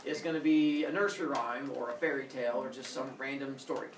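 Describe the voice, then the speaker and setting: A man teaching a class, mixing a lecture with comic storytelling, acting out voices and sound effects in an animated, jokey way. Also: medium pitch, quick pace. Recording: roomy echo, mic far off, faint room noise.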